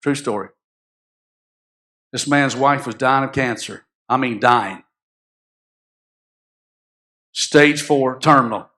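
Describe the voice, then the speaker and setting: A man preaching a sermon as pastor, telling a story and then rising to loud, impassioned appeals that put questions to the congregation. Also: medium pitch, measured pace.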